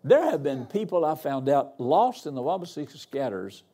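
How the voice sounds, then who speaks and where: A man's voice: fairly high pitch, big pitch swings, moderate pace, dark tone. An older man, a guest pastor preaching a sermon in a folksy, humorous, storytelling way. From Arkansas. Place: church.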